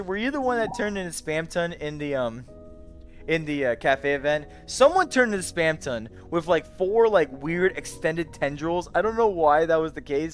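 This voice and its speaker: A young man worn out and yawning, chatting loosely with his viewers late into the night. His voice sits a little high and jumps around a lot as he rambles. Soft music plays faintly underneath. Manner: sleepy, rambling, giggly, greets chat by name. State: very tired, yawning. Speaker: VR streamer. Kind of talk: late-night casual livestream chat.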